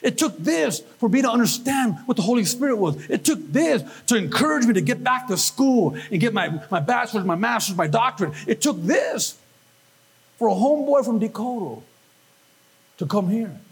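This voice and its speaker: A man preaching with a husky, high-pitched voice. He keeps the sermon lively and swings his pitch all over, acting out little voices and quotes as he goes. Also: normal speed. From Northern California. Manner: animated, acts out voices and quotes. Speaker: pastor.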